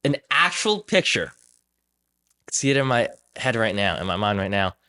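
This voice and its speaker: A man's voice: on the low side, normal speed. A young man hosting a podcast, telling stories casually and animatedly, acting out the people in them. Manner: animated storyteller, acts out quoted voices. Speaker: podcast host. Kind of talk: casual conversational storytelling.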